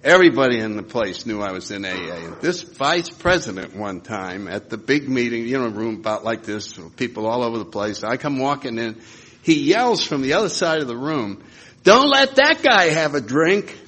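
Bright-voiced man telling lively stories. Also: mid-range voice, moderate pace. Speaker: speaker sharing recovery stories. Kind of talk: storytelling to a live audience.

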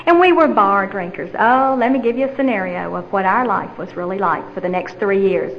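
A woman's voice: medium pitch, fairly quick. Candid woman telling her story, lo-fi. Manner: candid, storytelling, repeats phrases for rhythm. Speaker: speaker sharing her recovery story. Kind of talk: personal testimony.

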